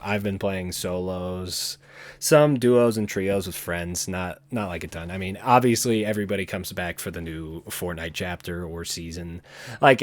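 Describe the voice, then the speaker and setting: A man hosting his own channel, talking alone in a rambling, casual way, often correcting himself and trailing off quietly. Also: sits low. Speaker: channel host. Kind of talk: casual solo chat.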